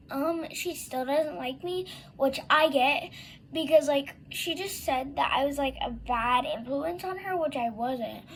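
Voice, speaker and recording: A woman's voice: high voice, slight background noise. A young girl telling a long story in a casual vlog, rambling with many fillers and acting out what she and a friend said. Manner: rambling, many fillers and likes, acts out quoted dialogue.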